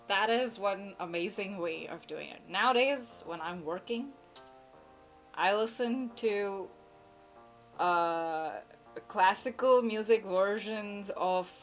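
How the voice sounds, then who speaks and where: A woman's voice: lowish voice, a bit bright. A woman from India who runs a channel, giving blunt, playful advice to viewers in a casual chat from home, laughing easily. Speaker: YouTuber answering viewer questions.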